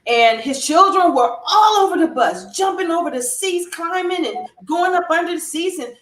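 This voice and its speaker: Brief: woman guest, high voice, lively storyteller, roomy echo. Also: moderate pace. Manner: animated storyteller who acts out other people's lines. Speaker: guest counselor. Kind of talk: storytelling interview talk.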